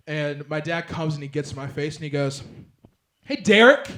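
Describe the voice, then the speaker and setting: A young man performing a stand-up set on a club stage, rambling through a story with lots of fillers and bursts of loud acted-out lines. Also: a little high, level tone, a little fast. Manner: rambling storyteller, filler-heavy, swings loud when acting out others. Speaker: stand-up comedian. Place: comedy club stage with laughing audience. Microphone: handheld stage mic.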